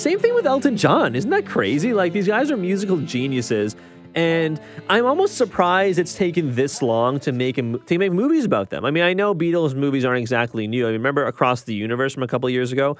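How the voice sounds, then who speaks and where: A man's voice: fairly high pitch, big pitch swings, brisk, soft background music. A man giving a casual, rambling movie review, often restarting his sentences. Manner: rambling, restarts a lot, chatty. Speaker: film reviewer.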